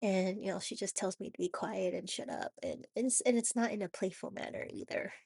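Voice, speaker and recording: Hoarse woman with a cold doing a confessional vlog, raspy husky voice, keeps restarting, dead dry sound. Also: medium pitch, fairly even intonation, darkish tone, dry recording. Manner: halting, repeats and restarts, many "you know"s. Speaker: vlogger.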